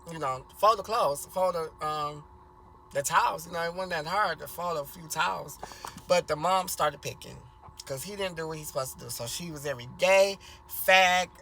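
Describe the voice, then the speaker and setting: A man rambles casually through a family story, full of fillers, restarts, and crude language, acting out quoted voices louder and higher. The low-quality recording carries slight background noise.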